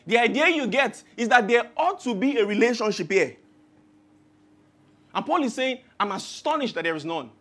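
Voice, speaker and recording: Pastor, thirties, high-pitched male voice, storytelling sermon. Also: lively intonation, normal speed, pushed and bright. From Nigeria. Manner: storytelling, acts out quoted voices with rising emphasis.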